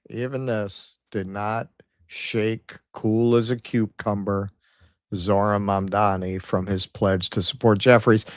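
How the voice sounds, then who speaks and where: A man's voice: mid-range voice, fairly bright tone, dry recording, clean studio sound. A man co-hosting a casual political commentary stream, reading out figures and quotes with sarcastic asides. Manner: sarcastic, reads out poll numbers and quotes, mocking asides.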